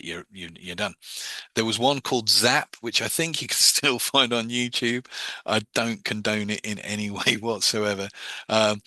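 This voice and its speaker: A man teaching a class on hypnosis, talking quickly with many restarts and dropping into soft, slow patter for examples. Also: fairly low pitch, no room sound. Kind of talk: informal class lecture.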